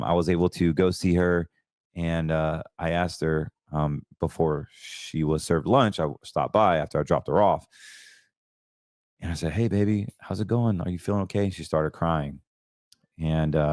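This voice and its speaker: Fervent, deep-voiced male podcast host. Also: a little mellow, dry recording, clean studio sound. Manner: emotional, candid, fervent about faith. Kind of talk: casual personal talk.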